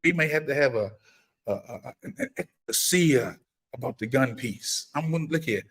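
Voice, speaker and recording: A man's voice: moderate pace, husky. Preacherly man hosting a livestream. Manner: preacherly, repetitive, emphatic; breaks into high-pitched excited exclamations when greeting viewers. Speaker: firearms trainer and livestream host. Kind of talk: casual livestream talk. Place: gun laws in Maryland.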